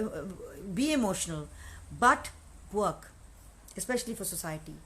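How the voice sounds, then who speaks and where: A woman's voice: mid-range voice, a little hiss or hum, rough recording. A woman from Pakistan chatting casually on a live stream, answering fans and mixing Urdu words into her English. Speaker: actress answering fan questions on a live stream.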